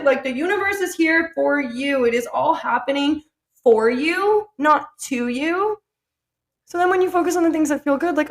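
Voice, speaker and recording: A woman's voice: high voice, normal speed. A woman hosting a solo podcast, talking in a chatty, blunt, profane way full of "like". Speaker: podcast host. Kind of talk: casual solo podcast monologue.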